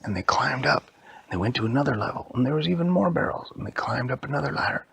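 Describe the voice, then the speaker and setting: A man narrating an improvised story in a rambling, animated way. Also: medium pitch, fast, creaky, slightly rough. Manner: animated, rambling run-on telling.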